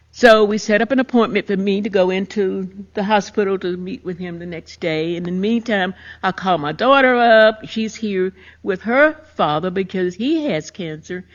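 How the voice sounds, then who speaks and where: A woman's voice: mid-range voice, normal speed. An older woman, hosting a podcast and emphatically telling a personal story of grief. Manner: emotional, emphatic retelling. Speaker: podcast host. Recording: muffled lo-fi recording.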